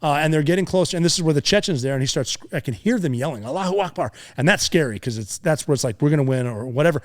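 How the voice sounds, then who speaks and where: A middle-aged man, a former Navy SEAL, tells a combat story in a casual interview, profane and lively, acting out voices and sound effects. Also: on the high side, fast talker. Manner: animated war storyteller, profane, acts out voices and sounds, laughs often.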